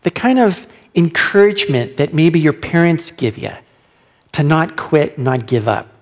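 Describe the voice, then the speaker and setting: Animated preacher man, a bit high. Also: measured pace. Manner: animated preaching, acting out quoted lines, asks the audience many questions. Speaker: pastor. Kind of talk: sermon.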